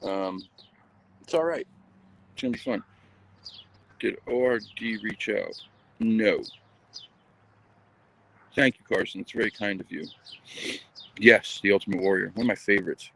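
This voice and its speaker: A man's voice: on the low side, a bit bright. A man casually chatting on a live stream while walking his dog outdoors, rambling with lots of ums and uhs. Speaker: channel host.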